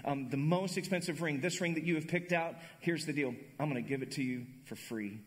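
A man's voice: on the high side, brisk, pitched below the performer's own voice, close to an everyday voice. A man voicing a grown male jewelry clerk who is emotional and theatrical. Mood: gushing. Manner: exaggerated, theatrical. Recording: echoey hall.

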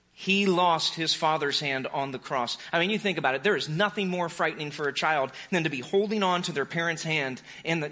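A man preaching a sermon as pastor, passionate and urgent, swinging between fervent pleas and hushed, quiet lines. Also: fairly high pitch.

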